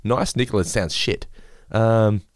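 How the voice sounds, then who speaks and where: A man's voice: lowish voice, unhurried, dry recording, clean studio sound. An Australian man hosting a casual podcast chat, rambling and acting out quotes. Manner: rambling, acts out quotes, swears freely. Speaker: podcast host. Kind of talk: casual chat recapping a sitcom episode.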